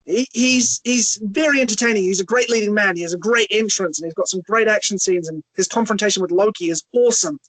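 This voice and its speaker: Opinionated male panelist on a video call, halting delivery, dry mic. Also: sits high, a bit bright, no room sound, low-quality recording. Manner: opinionated, thinks aloud with pauses. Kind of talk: casual film discussion.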